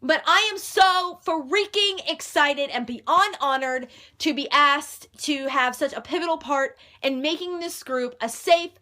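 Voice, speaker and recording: A young adult woman vlogging casually to camera, loud and bubbly, with playful swearing. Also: high voice, measured pace.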